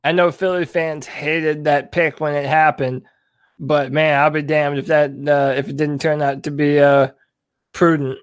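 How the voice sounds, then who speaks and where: Chatty, slightly high-voiced male co-host. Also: little pitch movement, unhurried, no echo. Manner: chatty, hesitant with fillers and restarts. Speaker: podcast co-host. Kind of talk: casual sports talk.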